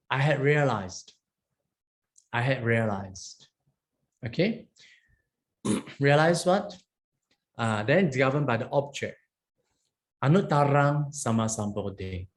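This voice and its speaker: A man leads a Pali grammar lesson in a patient, explanatory way. He often asks "huh?" and "okay?" as he goes, and he chants the Pali lines slowly and carefully. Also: medium pitch. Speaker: monastic teacher.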